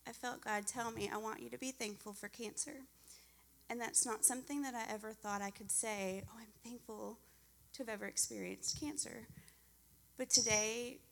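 Earnest woman with a gravelly voice. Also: mid-range voice, a bit bright. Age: 40s. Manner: earnest, heartfelt storytelling. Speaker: church member giving testimony. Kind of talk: personal testimony in church.

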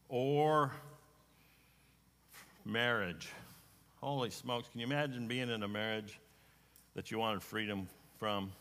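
Folksy middle-aged male preacher, bright voice. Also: fairly low pitch. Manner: folksy, repeats words as he talks. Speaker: pastor. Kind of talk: sermon with personal storytelling. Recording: long hall reverb.

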